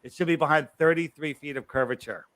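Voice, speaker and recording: A man being interviewed as a guest, telling a story emphatically with quick asides and acting out what other people said. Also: on the high side, a bit bright. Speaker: guest researcher.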